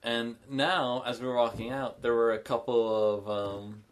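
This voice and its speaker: Brief: relaxed male podcaster spinning a rambling anecdote, mid-pitched. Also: a little slow. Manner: meandering, self-correcting storyteller. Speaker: podcast co-host. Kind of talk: casual storytelling.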